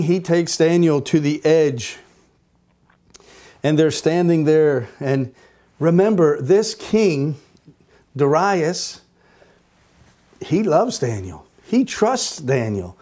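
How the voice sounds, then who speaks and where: A man leads a Bible study in a slow, deliberate teaching voice. His tone is mellow and fairly high-pitched. He retells the story with emphatic repetition.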